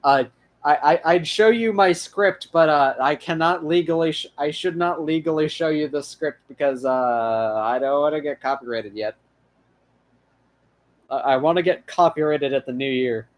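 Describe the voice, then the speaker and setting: Young man, high voice, casual host chat, rambling, lots of fillers and restarts. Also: normal speed. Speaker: channel host.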